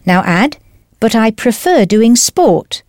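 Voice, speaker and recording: A woman teaching a language lesson in a clear, patient, encouraging scripted voice. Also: a little high, sing-song, slow pace, a little mellow, dry recording, clean studio sound.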